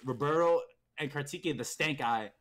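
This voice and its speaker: Profane, animated young man telling stories. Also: fairly high pitch, normal speed. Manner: profane, animated storytelling with heated outbursts. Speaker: streamer's friend telling stories. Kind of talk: casual storytelling chat.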